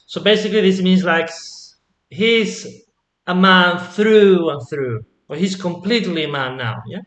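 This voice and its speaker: Slow, patient man teaching in an echoey room. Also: sits high, a bit bright. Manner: slow, patient explaining with frequent um and yeah?. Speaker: Spanish teacher. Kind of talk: online language lesson.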